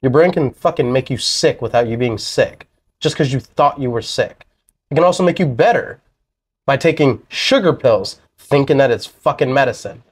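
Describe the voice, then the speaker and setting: A young man in casual podcast banter who argues in a blunt, sarcastic way and swears freely. His voice sits in a middle pitch range, and it climbs high when he mocks an idea. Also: animated, moderate pace, husky. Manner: blunt, profane, sarcastic arguing. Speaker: podcast co-host. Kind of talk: casual chat.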